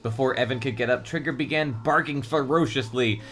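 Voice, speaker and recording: A man's voice: medium pitch, fairly quick. A man co-hosting a podcast, reading a children's book aloud in a playful, casual way. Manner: lively, playful, prone to laughing. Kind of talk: casual read-aloud narration.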